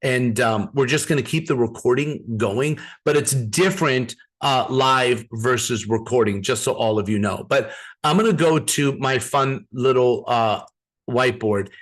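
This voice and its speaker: A man's voice: medium pitch, unhurried. Man giving a chatty online business training. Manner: storytelling, repeats words and restarts, addresses audience directly. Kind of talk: live online training presentation. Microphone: video call.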